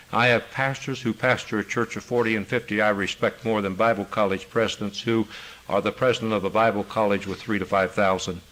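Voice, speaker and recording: An older man preaching a sermon, forcefully retelling conversations as a pastor. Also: poor audio. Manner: forceful preaching, retells phone calls with raised pitch.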